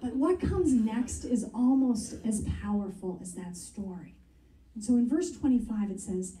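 A woman's voice: on the high side, dark tone. A woman pastor preaching in a church, earnest and conversational as she reads and explains scripture. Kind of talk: sermon. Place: church sanctuary. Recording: roomy sound from a distance.

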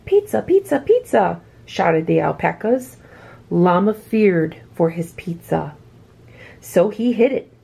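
A woman reading a children's picture book aloud with expressive, swooping delivery. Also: on the low side, slow pace, creaky, breathy edge. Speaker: children's story reader.

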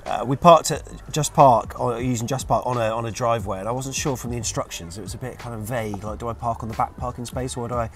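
A man's voice: medium pitch, fast, hardly any pauses, soft background music. A man co-hosting a fan channel, chatting casually and telling stories from an away trip. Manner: chatty storyteller, reads out quotes. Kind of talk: casual chat review.

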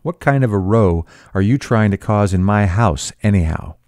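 A man's voice: on the low side, lively intonation, moderate pace, darkish tone, no echo, clean studio sound, close to an everyday voice. A man reading the part of an arrogant, scornful rich husband, with a sneering, incredulous delivery.

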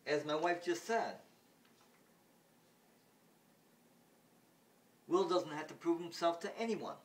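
A man voicing a calm, firm father, reading his lines a little higher and louder. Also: brisk, echoey room, far from the mic, natural voice.

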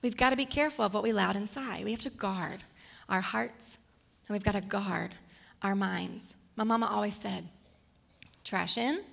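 A woman's voice: mid-range voice, moderate pace, vocal fry, a bit bright. A woman in her thirties preaching a personal, story-filled sermon. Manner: personal, storytelling, gets emotional and tearful at times. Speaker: guest speaker.

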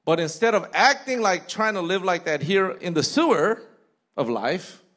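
A man's voice: high-pitched, moderate pace. Guy preaching in church, voice swings up and down a lot, acts out little bits of what people say. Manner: animated preaching, mimics people in quoted asides. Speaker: pastor. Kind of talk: sermon. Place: church sanctuary.

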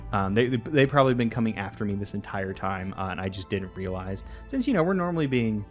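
Man, let's-play host, rambling casual commentary, animated delivery. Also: lowish voice, fast, soft background music. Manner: rambling, chatty, swears casually.

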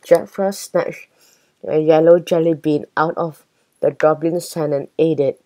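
A woman reading a children's chapter book aloud at an unhurried, steady pace. Her voice sits low and sounds mellow and soft. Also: rough recording. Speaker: storybook reader.

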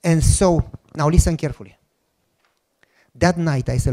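A man preaching a personal testimony in a language that is not his first. He acts out prayers with strong emotion in a slightly high voice. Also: moderate pace, darkish tone. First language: not English. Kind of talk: sermon testimony storytelling.

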